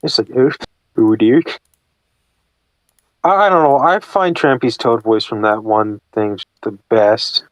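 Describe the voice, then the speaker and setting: A man chatting casually with a friend while working, animated and laughing, often slipping into character voices. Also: mid-range voice, normal speed, few pauses, no echo. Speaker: channel host.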